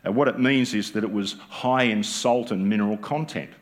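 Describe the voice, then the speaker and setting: An Australian man with a fairly low voice preaches as pastor in church at a normal pace. He jokes with the congregation in a conversational way and often asks rhetorical questions.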